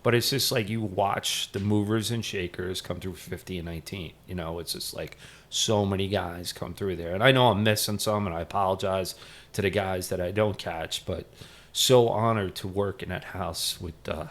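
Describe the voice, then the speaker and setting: A middle-aged man with a fairly low voice, a retired firefighter telling stories as a podcast guest. He talks loosely and rambles, with plenty of fillers. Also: moderate pace, a bit bright. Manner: rambling, full of "you know" fillers. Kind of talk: casual storytelling interview.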